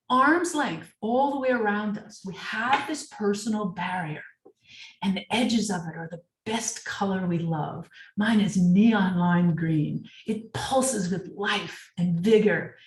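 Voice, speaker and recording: Emphatic woman coach in an echoey room. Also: medium pitch. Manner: emphatic, rhetorical questions to the audience. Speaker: sales leadership coach. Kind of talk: webinar talk. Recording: echoey room, distant mic.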